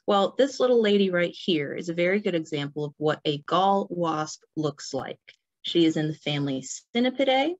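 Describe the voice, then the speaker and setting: A woman giving an informal illustrated lecture as a nature center presenter, relaxed and full of fillers and restarts. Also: on the low side. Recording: dull lo-fi recording.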